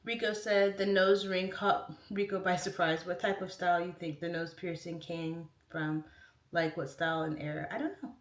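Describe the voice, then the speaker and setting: On a casual livestream, a woman reads out comments in a rambling, chatty way, leaning heavily on "like." Her voice sits fairly low with little pitch movement, and her pace is moderate. The mic is distant, so the room echoes noticeably.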